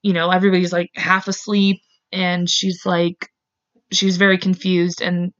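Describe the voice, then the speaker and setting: A woman's voice: lowish voice, monotone, normal speed, fairly bright tone. A woman hosting a true crime podcast, telling the case casually and bluntly, full of "like" and "um". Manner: chatty, heavy use of "like" and "um"; openly emotional and blunt. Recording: slightly dull, lo-fi sound.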